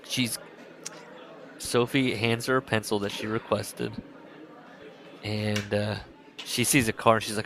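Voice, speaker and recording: A man's voice: lowish voice, moderate pace, fairly bright tone. Sarcastic man mocking a book. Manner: sarcastic, mocking, laughs often. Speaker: podcast co-host. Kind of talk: casual book-club chat, reading passages aloud.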